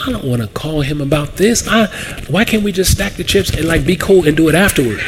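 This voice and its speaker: A man pastor preaching in a lively storytelling sermon, acting out the voices of the people he quotes. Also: a little high, a little fast, very noisy. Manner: animated, acts out quoted voices, laughs often.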